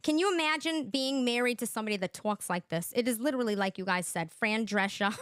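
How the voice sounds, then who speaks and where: A woman's voice: a little high, fast, few pauses, a bit bright, clear, resonant tone, dry recording, clean studio sound. A woman hosting a reaction commentary, talking sarcastically and laughing often as she mocks the clips. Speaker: commentary channel host.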